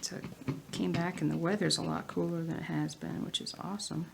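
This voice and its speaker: A woman's voice: low-pitched, steady tone, brisk, vocal fry, background noise. A woman with a Southern US accent chatting casually while she stitches at home, muttering to herself and sometimes dropping into a whisper. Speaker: cross-stitch vlogger.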